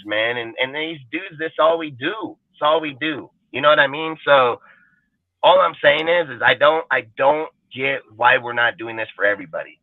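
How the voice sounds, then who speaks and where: A man's voice: a little high, no room sound. A man hosting a fan show, ranting in a heated, profane, emphatic way. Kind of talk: livestream rant. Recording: dry phone-like audio.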